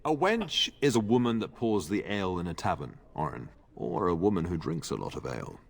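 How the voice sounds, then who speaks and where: A man's voice: low voice, a little fast, creaky, full character voice. An actor playing an older noble father in a fantasy game, speaking with fond, wry humor. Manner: lively, wry, fond teasing. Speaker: game character. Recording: long reverb from game audio.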